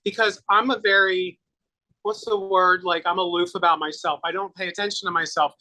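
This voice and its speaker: A middle-aged man, a guest on an interview show, chatting casually and telling animated stories, acting out what people said with laughs. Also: sits high, moderate pace, poor audio. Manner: animated storyteller, acts out quotes with laughs. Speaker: guest, makeover artist and singer.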